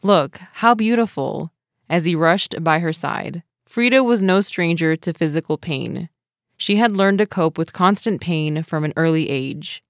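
Woman podcast co-host, lowish voice, dry studio sound, storyteller who laughs easily. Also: moderate pace, no room sound. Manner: storytelling, then laughing banter. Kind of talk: narration and casual chat.

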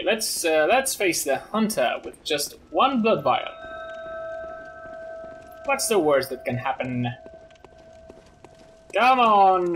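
A man playing through a video game, bursting into goofy exclamations. His voice sits high and bright, with big swings in pitch. He talks at an unhurried pace, and faint music plays behind him. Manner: excitable, loud outbursts and goofy exclamations. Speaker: gaming commentator. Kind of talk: let's play commentary.

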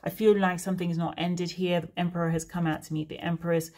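A woman's voice: on the low side, little pitch movement, quick pace, darkish tone. A woman giving a casual, frank tarot reading to her viewers, chatty with many fillers and asides. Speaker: tarot reader.

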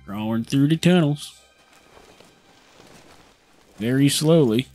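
A man's voice: medium pitch, a little slow, pauses often, faint music behind. A young man casually commentating his own gameplay, cursing and joking as he reacts. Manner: sweary, jokey, excitable reactions. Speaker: gaming channel host. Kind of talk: casual let's-play commentary.

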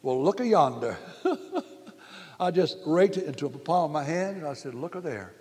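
A man preaching a sermon, telling a story that rises to loud, emphatic exclamations. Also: a little high, very animated, unhurried. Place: camp meeting hall. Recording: long reverb of a hall.

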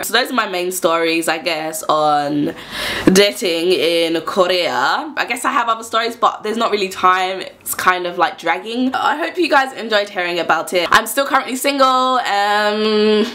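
Bright-voiced young woman. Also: medium pitch. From London, England. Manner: chatty, laughs often while telling stories. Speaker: vlogger. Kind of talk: casual storytelling to camera.

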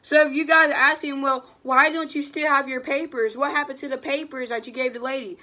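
A young woman, telling a storytime vlog in a slangy, animated, casual way and quoting what people said. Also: high voice, brisk, few pauses. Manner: animated, slangy retelling with quoted voices. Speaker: vlogger.

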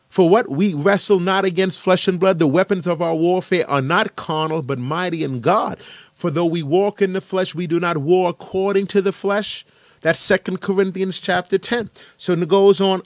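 Male preacher, impassioned sermon delivery with rhetorical questions, somewhat high voice, dry close recording. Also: no room sound. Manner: emphatic preaching, rising bursts and rhetorical questions. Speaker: pastor.

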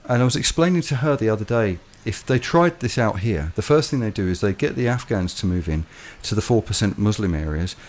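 Low-pitched guy rambling on in a casual chat, animated storyteller. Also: fairly quick, few pauses. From London, England. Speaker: co-host. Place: home in the Philippines.

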